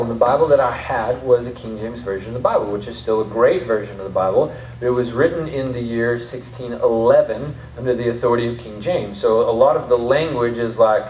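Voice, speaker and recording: A man's voice: medium pitch, fairly quick, few pauses, a little mellow, a little hiss or hum. A man with a Southern accent preaching a conversational sermon as pastor, with laughing asides. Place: church service in a rented martial arts academy space. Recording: roomy hall audio from a distance.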